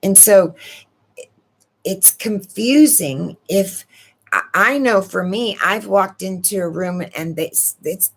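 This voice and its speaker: A woman talks to her viewers about energy and feeling, slowly and in a conversational way. She keeps asking rhetorical questions, and her voice sits a little low. She is sniffling slightly. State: sniffling from allergy medicine. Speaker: channel host. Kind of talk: spiritual talk to viewers.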